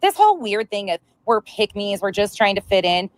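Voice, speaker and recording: A woman's voice: mid-range voice, big pitch swings, normal speed. A woman hosting a commentary stream, answering played clips with blunt, sarcastic retorts. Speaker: commentary channel host.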